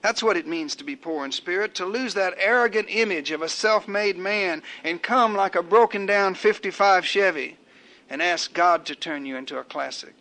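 An older man preaching a sermon in a measured, rhetorical way, building his points through repeated phrases. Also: high-pitched, bright, forceful tone.

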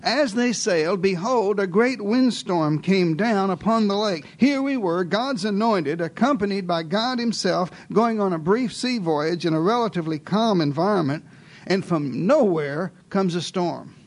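Man, high-pitched voice, theatrical preacher, first-person storytelling sermon, hushed asides, sudden emphatic rises, rhetorical questions. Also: animated, unhurried. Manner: theatrical, shifting between hushed asides and raised exclamations; addresses listeners directly with rhetorical questions. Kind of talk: dramatic sermon told in first person as a disciple.

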